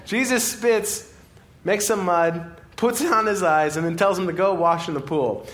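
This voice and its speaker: A man preaching a sermon in a church, playful and animated, laughing as he acts out scenes. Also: on the high side, moderate pace. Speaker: pastor.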